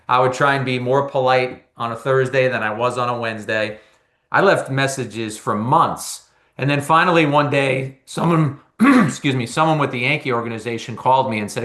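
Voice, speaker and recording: A baseball analyst from New Jersey tells a long story in a relaxed interview, speaking in a bright, forceful voice at a middling pitch. His delivery is animated, and he often stumbles and repeats words as he goes. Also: fairly quick. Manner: animated anecdote-telling with frequent repeated words. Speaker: baseball analyst and former reporter.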